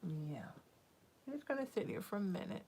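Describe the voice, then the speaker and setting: A woman's voice: mid-range voice, animated, moderate pace, gravelly, a little hiss or hum. A woman hosting a casual live-stream as a psychic medium, reassuring and calling listeners sweetheart and honey. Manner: casual and chatty, with soft fillers.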